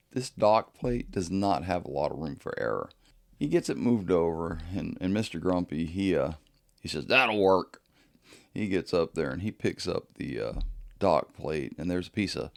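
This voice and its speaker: A man hosts a podcast, telling a casual work story in an easygoing, chatty way. His voice sits very low with a gravelly fry. He chuckles often as he goes. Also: a little mellow. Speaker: podcast host.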